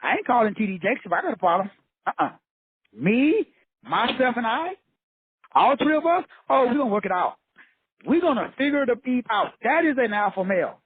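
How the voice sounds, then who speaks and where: Husky high-voiced man preaching bluntly. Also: big pitch swings, moderate pace, no echo. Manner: preachy, blunt and profane, repeats points for emphasis. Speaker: motivational teacher. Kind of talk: fiery motivational lecture. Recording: tinny phone-like dry sound.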